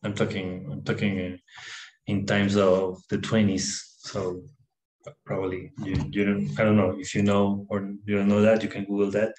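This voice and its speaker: Halting low-voiced man in an echoey apartment. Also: monotone, darkish tone. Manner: halting, with many "uh"s and restarts. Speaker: self-help video presenter. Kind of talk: informal talk to camera, reading a text aloud. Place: his apartment. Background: dog barking, fireworks and freeway traffic outside.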